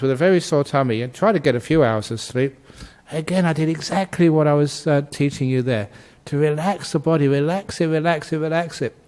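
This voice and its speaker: A man giving a Buddhist dharma talk, telling stories in a gentle, humorous way and laughing often. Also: fairly high pitch. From Australia. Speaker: Buddhist monk teacher.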